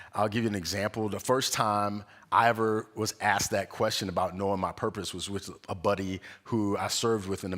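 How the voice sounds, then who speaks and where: A young man giving a conversational sermon at a spiritual center, an animated storyteller who acts out the voices in his stories and laughs often. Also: on the low side. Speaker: guest speaker at a spiritual center. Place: church sanctuary.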